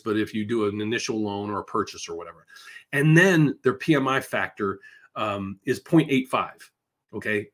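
A middle-aged man hosts a live question-and-answer show, taking viewer questions one after another. His voice is slightly husky and sits at an ordinary pitch. He sounds chatty and reassuring, and he explains things step by step. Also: a bit bright. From United States. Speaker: mortgage show host.

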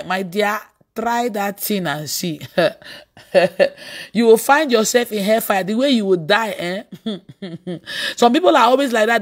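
A woman preacher delivering an animated sermon, telling stories with bursts of laughter and sudden shouts. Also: medium pitch, unhurried.

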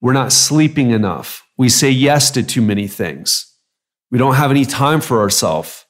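A man's voice: medium pitch, lively intonation, normal speed. A middle-aged man hosting a solo podcast in a casual, conversational way, acting out little quoted voices now and then. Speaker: podcast host.

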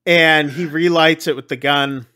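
A man casually recapping a film on a podcast, acting out the lines with big jumps in pitch. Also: fairly even intonation, a little slow, bright, forceful tone. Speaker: podcast co-host. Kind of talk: casual movie recap chat.

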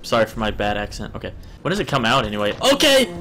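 A man streaming a video game and commenting as he plays, yelping and shouting in panic, then muttering quietly to himself. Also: lowish voice, racing, noisy background. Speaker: gaming streamer. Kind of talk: let's-play commentary.

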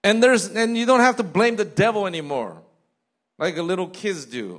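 Man, pastor, sermon, lively pitch, conversational preaching, quoted asides. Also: moderate pace. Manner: animated preaching, mimics people in quoted asides. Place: church sanctuary.

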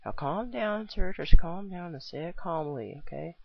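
A man's voice: on the high side, expressive, normal speed, vocal fry, slightly rough, dull audio, voice pushed up, exaggerated voice. A man voicing a polite, dense shop clerk in a homemade stop-motion film, apologetic and confused. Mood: placating.

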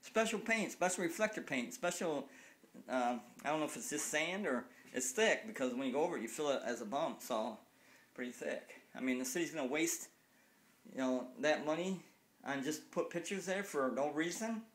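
A cycling vlogger in his late fifties rants casually into his phone camera, angry, repetitive and swearing freely. His voice sits a little high and is expressive, at a moderate pace.

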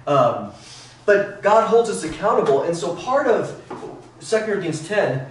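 Animated man teaching a church class. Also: sits high, measured pace. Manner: animated, acts out quotes in character voices. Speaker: Bible teacher. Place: church room. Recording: roomy echo, mic at a distance, faint noise.

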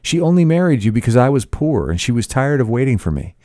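A man's voice: sits low, normal speed, vocal fry, mellow, no echo, clean studio sound. A man reading the part of an earnest, polite young man in love, with an intense delivery.

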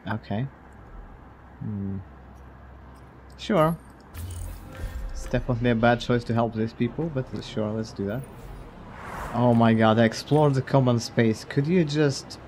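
A man's voice: mid-range voice, a little slow, pauses often, a little mellow, slight background noise. Wry, blunt male game streamer. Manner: wry, blunt, swears casually, chuckles at the game. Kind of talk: casual let's-play commentary.

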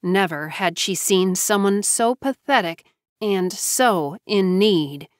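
A woman narrating a novel as an audiobook in a measured storytelling manner. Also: mid-range voice, animated, no echo, studio quality.

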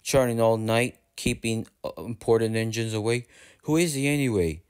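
Guy putting on a big snooty boastful steam engine, grumbly and a bit higher than his own voice, storybook style. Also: moderate pace, darkish tone, smooth, lightly acted. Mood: grumbling. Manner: grumbling and pompous. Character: proud boastful large male steam engine.

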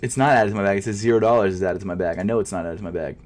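A man's voice: fairly low pitch, rapid-fire. Frustrated young man muttering at a checkout. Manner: frustrated, muttering to himself, swings between loud outbursts and quiet mumbling; nervous, stuttering. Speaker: sneaker vlogger. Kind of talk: casual live commentary while shopping online.

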